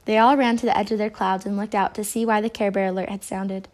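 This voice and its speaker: A woman reading a children's picture book aloud in a gentle, expressive way. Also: mid-range voice, quick pace. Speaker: storybook reader. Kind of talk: read-aloud children's story.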